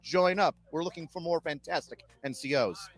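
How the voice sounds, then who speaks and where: Male drill sergeant, 30s, animated storyteller, slightly high voice. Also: normal speed, soft background music. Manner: upbeat, animated, recruiting pitch. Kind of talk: interview storytelling.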